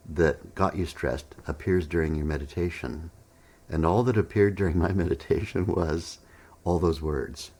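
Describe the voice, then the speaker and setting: Deep-voiced man telling a funny story. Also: darkish tone. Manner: self-deprecating, acts out quoted dialogue, chuckles often. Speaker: meditation teacher telling a personal story. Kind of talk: storytelling monologue.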